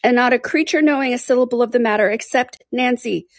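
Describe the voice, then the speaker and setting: A woman's voice: fairly high pitch, quick pace, dry recording, studio quality, pitched above the performer's own voice, natural voice. A woman reading aloud, voicing a garrulous, gossiping older woman in an audiobook. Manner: breathless chatty gossip, exclaiming often. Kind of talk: audiobook character voice.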